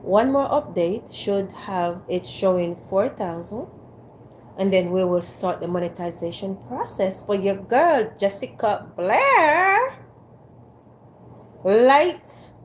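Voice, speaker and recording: A woman's voice: medium pitch, lively intonation, slow, a little hiss or hum. A woman hosting a casual livestream from a phone on a ring light, playfully teasing and coaxing her viewers to type in the chat. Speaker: livestream host.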